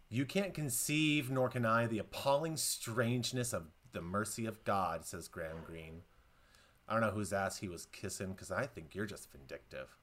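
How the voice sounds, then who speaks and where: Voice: low-pitched, fairly bright tone, voice pushed down. A podcaster reciting a grieving president cursing God.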